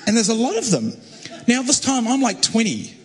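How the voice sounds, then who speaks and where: A young man preaching a testimony, telling his story animatedly and acting out other voices, with a husky voice. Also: extremely high pitch, moderate pace. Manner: animated, acts out quoted voices. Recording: echoey hall with long reverb.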